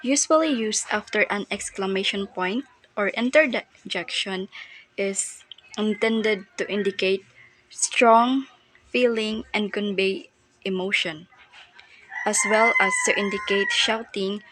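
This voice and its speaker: A woman with a Filipino accent teaching a grammar lesson, reading aloud slowly with fillers and restarts. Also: medium pitch, fairly bright tone, poor audio. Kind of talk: classroom lesson.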